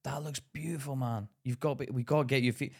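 A husky, mid-range voice moves briskly as this man co-hosts a casual podcast. He swaps stories, acting out quotes with animation and frequent laughter.

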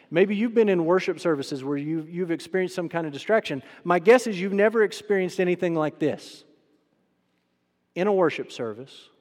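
A man preaching a sermon in a church worship center, animated and acting out quoted voices with sudden loud outbursts. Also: fairly high pitch, long reverb tail. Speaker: pastor.

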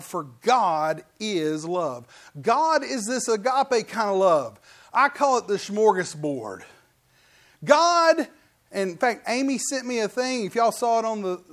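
A man preaching a sermon, telling stories and acting out voices. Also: sits high. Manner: animated storytelling preacher, acts out voices. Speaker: pastor.

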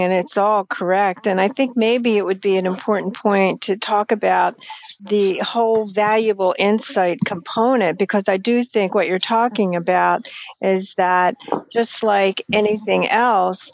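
A woman co-hosting a podcast conversation, affirming and measured. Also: medium pitch. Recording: dull lo-fi sound.

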